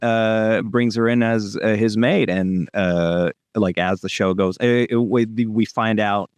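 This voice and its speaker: A man's voice: lowish voice, steady tone, slow pace, clean tone, dry recording. A young man from India with an American accent, a voice actor rambling casually with many fillers in an interview. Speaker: voice actor guest.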